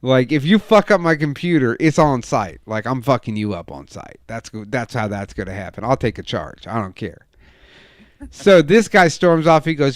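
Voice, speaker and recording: A young man on a casual podcast, telling a heated story full of swearing and acting out quoted lines loudly. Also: normal speed, no echo, clean studio sound. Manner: profane, animated storytelling, acts out quotes with loud raised pitch. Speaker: podcast co-host.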